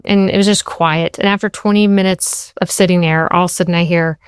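Woman TV writer being interviewed, smooth low voice, dry close sound. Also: fairly even intonation, a little fast, dry recording. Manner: storytelling, quotes people in shifted voices. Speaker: TV writer and show creator.

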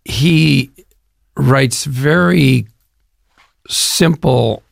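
A man's voice: mid-range voice, drawn-out words, vocal fry, no echo, studio quality. An older man from the Chicago area, an actor talking eagerly and at length in an interview. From Chicago area, US Midwest. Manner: enthusiastic, rambling storyteller. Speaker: actor guest. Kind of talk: promotional interview.

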